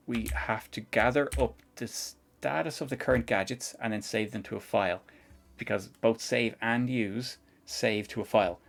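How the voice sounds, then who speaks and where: With a fairly low, gravelly voice, a man from Northern Ireland streams a live coding tutorial, chatting in a meandering way and chuckling often.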